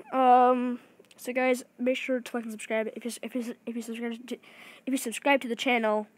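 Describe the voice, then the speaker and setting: A woman giving excited gameplay commentary, talking fast and restarting her sentences often. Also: a little high, husky. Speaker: gaming video creator.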